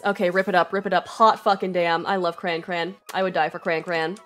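A woman streaming a video game, giving casual, excitable commentary with a lot of swearing and laughter. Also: on the low side, brisk, few pauses, soft background music.

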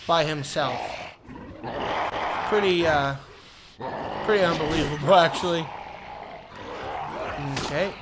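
A man giving let's-play gameplay commentary, frustrated and cursing with loud bursts of complaint. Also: on the high side, takes it slowly, pauses often, background noise. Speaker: gamer.

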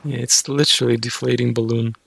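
Gravelly man muttering over gameplay. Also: medium pitch, level tone, quick pace, a bit bright, a little hiss or hum. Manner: frustrated, rambling, self-mocking. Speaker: gaming streamer. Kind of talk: casual gameplay commentary.

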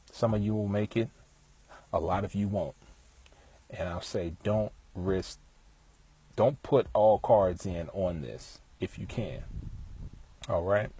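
A man talking outdoors in a relaxed, rambling way, passing on music industry advice full of fillers. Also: low voice, slightly rough. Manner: laid-back, rambling, many fillers. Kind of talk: casual storytelling monologue. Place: outdoors, with bees around.

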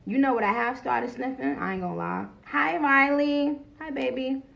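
A woman's voice: high voice, normal speed, vocal fry, a bit bright, highs cut off. A woman chatting bluntly and profanely on a phone livestream, greeting viewers as she talks. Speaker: livestream host. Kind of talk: casual livestream chat. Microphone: phone camera.

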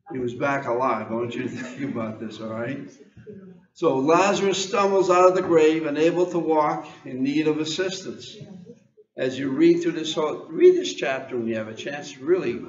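A man's voice: medium pitch, echoey room, dull audio. An American man preaching an informal sermon, reading scripture and asking the congregation questions, often repeating words as he goes.

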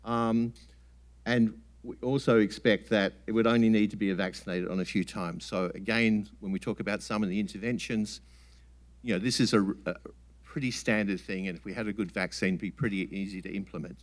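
A man giving a relaxed, plain-spoken scientific talk at a summit, with frequent ums and restarts. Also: lowish voice, brisk. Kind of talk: conference talk with slides.

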